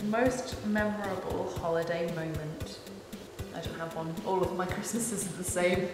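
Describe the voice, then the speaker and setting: A young woman chatting casually, reading out questions and telling stories in a lively way. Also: lowish voice, measured pace. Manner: lively storyteller, reads questions aloud. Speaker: cosplay vlogger. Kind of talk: casual chat. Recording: echoey room with long reverb, music behind.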